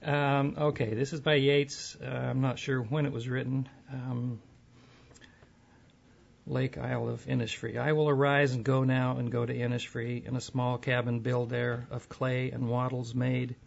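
A man with a heavily gravelly, husky voice who talks slowly and haltingly. His pitch stays very flat throughout. The recording sounds dull and lo-fi. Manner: slow, halting, soft-spoken. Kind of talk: casual conversation and poetry reading.

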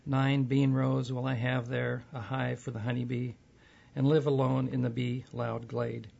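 A man speaking slowly and softly in halting, thoughtful phrases. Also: mid-range voice, level tone, creaky, breathy edge. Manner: slow, halting, soft-spoken. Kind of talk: casual conversation and poetry reading. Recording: dull lo-fi recording.

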